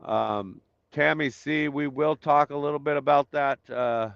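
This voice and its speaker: A man's voice: on the high side, a little slow, vocal fry, smooth, no echo, lo-fi sound. Man greeting live stream viewers. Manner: greets viewers by name, rambling with fillers. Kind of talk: casual chat reading viewer comments.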